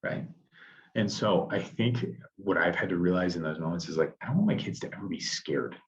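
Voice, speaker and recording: Male podcast co-host, very low voice, reflective, dull lo-fi recording. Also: brisk. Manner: reflective, thinks out loud with restarts. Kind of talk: casual podcast conversation.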